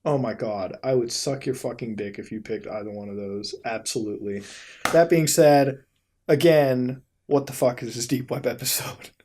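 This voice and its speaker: A man hosting a casual web-browsing commentary rambles and swears liberally, often dissolving into high-pitched laughter. His pace is moderate and his tone darkish, with slight background noise in the recording.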